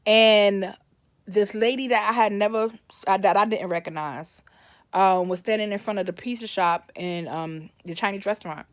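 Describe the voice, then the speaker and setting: A woman's voice: medium pitch, moderate pace, no echo. A woman telling a personal story in a casual, rambling way, often correcting herself and livening up when she quotes her family. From Brooklyn, New York.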